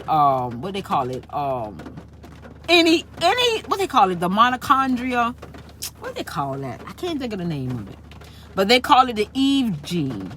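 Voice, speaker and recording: A woman's voice: medium pitch, fairly bright tone, a little hiss or hum. A woman speaking in a casual, rambling spiritual monologue, repeating herself and tagging her points with "right?". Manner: rambling and repetitive, frequent "right?" tags. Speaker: spiritual channel host.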